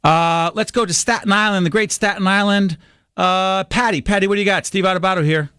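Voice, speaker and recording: A man hosting a call-in radio talk show, chatty and quick to laugh. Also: sits high, steady tone, sharp tone, clean tone, dry recording, clean studio sound. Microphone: studio microphone.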